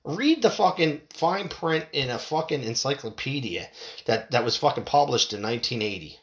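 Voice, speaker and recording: A man's voice: mid-range voice, lively intonation, moderate pace, a bit bright. A middle-aged man ranting heatedly and profanely into a desk mic at home. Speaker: podcaster. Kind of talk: ranting monologue. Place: home room, window open.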